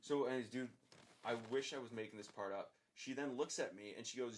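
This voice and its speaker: Young adult male guest, casual storytelling, animated and profane, acts out dialogue. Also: mid-range voice, fairly quick. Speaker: podcast guest.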